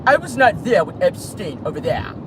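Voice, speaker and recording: Here is a snooty British royal in a clipped, mock-posh accent, flatly denying everything. A vlogger puts him on with a prim, defensive air, the voice slightly off-mic and set apart from the plain talk. The delivery is lively and dips a little low. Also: normal speed, noisy background, close to an everyday voice. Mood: indignant denial.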